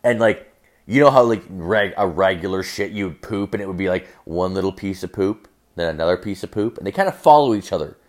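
A young man with a somewhat low voice tells a story in a loose, rambling monologue. He swears almost every line and fills his sentences with "like". The delivery is casual and podcast-style. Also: animated, fairly quick. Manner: profane, rambling, heavy use of filler "like". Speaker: podcast host.

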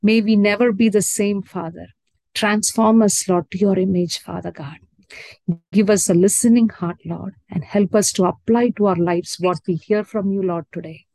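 A woman leading a spoken prayer in a devout, repetitive way, softening at the end of each phrase. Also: mid-range voice, fairly even intonation, normal speed, no room sound. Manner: devout, repetitive, fading to soft at phrase ends. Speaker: prayer leader.

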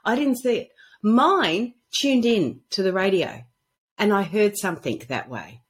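A woman guest on a casual podcast, telling animated stories and acting out the dialogue in them. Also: medium pitch, unhurried, breathy edge. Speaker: guest author on intuition. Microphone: podcast microphone at a computer.

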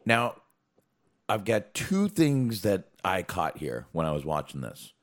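Deep-voiced animated man chatting casually. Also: a little slow. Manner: profane, animated, rambling with fillers. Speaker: podcast co-host. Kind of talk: casual wrestling recap chat.

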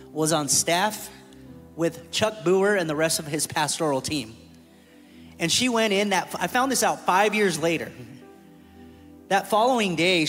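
A man tells his story of faith from a church stage, candid and conversational, with a slightly high voice. His words ring through a large hall with long reverb, and soft music plays underneath. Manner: candid, storytelling, jokes with the room. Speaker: church staff speaker. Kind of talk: testimony sermon. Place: church sanctuary.

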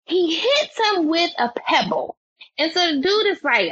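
A woman telling a story as a podcast guest, animated and expressive, her voice climbing higher when she gets excited. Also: unhurried, no echo, lo-fi sound. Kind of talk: animated storytelling in casual chat.

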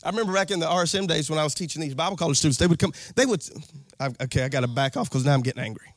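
A man preaching a live sermon as pastor, animated and folksy, breaking into shouts and a sing-song cadence. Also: on the high side, racing, no room sound. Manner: folksy, jokes with the crowd, repeats phrases.

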